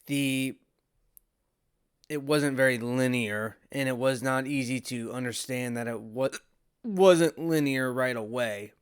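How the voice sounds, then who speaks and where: Guy with the hiccups rambling through a review, slow and clear, dry sound. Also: medium pitch, no echo. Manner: rambling with many restarts, hiccuping. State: has the hiccups. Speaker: video reviewer. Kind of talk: casual spoken review.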